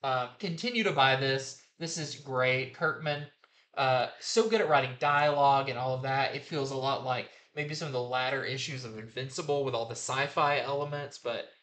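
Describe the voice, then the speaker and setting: A man's voice: mid-range voice, moderate pace, fairly bright tone. A man hosting a comic book review show, chatting casually and enthusiastically with lots of fillers.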